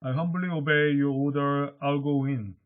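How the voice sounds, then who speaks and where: A male teacher whose first language is Korean explains a play in English, paraphrasing each quoted line in simple words and going higher when he reads lines aloud. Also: steady tone, normal speed. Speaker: high school English teacher. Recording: dull lo-fi recording.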